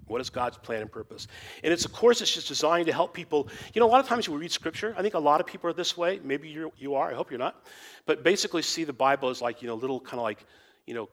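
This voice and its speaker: A man's voice: on the high side, animated, quick pace, a bit bright. A man who teaches the Bible, talking informally and rambling with lots of "you know" and restarts.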